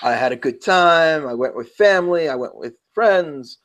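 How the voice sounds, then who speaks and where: A man's voice: on the high side, lively intonation, normal speed, a bit bright. A man with a New York accent co-hosting a casual podcast, talking in a chatty, rambling way and often restarting his sentences. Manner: chatty, rambling, self-interrupting. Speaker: podcast co-host. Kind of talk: casual round-table chat.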